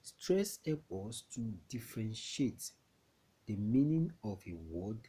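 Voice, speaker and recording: A man's voice: fairly low pitch, animated, slow pace, mellow, breathy edge. A man with a Nigerian accent teaching an English lesson to young pupils, chatty and often asking if they understand. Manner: chatty, repeats questions to check understanding.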